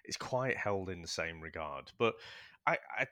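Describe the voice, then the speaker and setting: A man's voice: low-pitched, expressive, normal speed, sharp tone, no echo, studio quality. A man co-hosting a film podcast, chatting candidly, swearing freely and laughing easily. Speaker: podcast co-host. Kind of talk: casual film chat.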